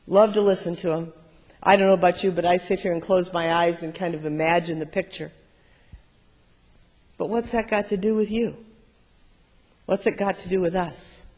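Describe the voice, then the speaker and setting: Middle-aged pastor preaching in a big church. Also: male voice, high-pitched. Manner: storytelling, shifting between loud and soft. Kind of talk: sermon. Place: large church sanctuary. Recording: long church reverb.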